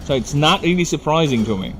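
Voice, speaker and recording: A slightly high, expressive, somewhat bright voice belongs to a young man from the Philippines with a Filipino accent, talking at a quick pace during a live gaming stream. He rambles, curses and launches into rants, and the audio has a little hiss or hum.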